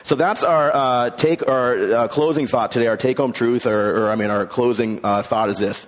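A male pastor preaching a sermon, animated, acting out the voices in the stories he tells. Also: medium pitch, moderate pace, hardly any pauses, big-room sound. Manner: animated, acts out voices in quotes.

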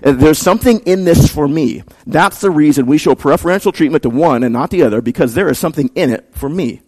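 A male pastor delivering a sermon in a relaxed, conversational tone, his fairly high voice climbing into emphatic peaks when he drives a point home. He talks to the congregation like he's chatting with them, then presses hard on the key lines. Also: fast talker.

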